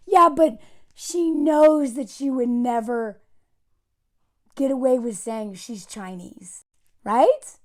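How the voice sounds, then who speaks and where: High-pitched woman ranting sarcastically to camera, mocking, fed up. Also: takes it slowly, pauses often. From United States. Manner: sarcastic, exasperated, mocking quotes. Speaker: commentary vlogger. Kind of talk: casual commentary.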